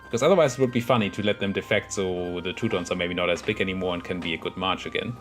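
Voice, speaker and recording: A man's voice: deep voice, fast, a bit bright, faint music behind. A young man casually commentating his own strategy game, thinking aloud and muttering at the units on screen. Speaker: gameplay commentator.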